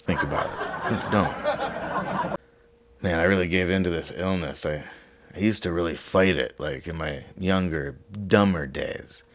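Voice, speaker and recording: Hushed, sick, deep-voiced man. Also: measured pace, no room sound. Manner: quiet deadpan delivery. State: sick with a sore throat. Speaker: comedy show host. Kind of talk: hushed comedic monologue. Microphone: close microphone.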